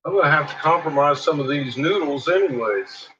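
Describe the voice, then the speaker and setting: A man's voice: a little high, expressive, fairly quick, a bit bright. A man chatting casually while he cooks in his home kitchen, swearing freely and scolding his dogs. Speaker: vlogger. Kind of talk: casual chat while cooking. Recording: dull lo-fi sound with clear background noise.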